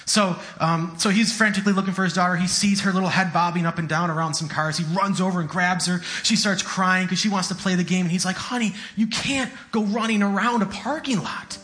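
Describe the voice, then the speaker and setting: High, bright-voiced male preacher. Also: little pitch movement, fast, hardly any pauses. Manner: earnest, conversational, repeats phrases. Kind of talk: sermon.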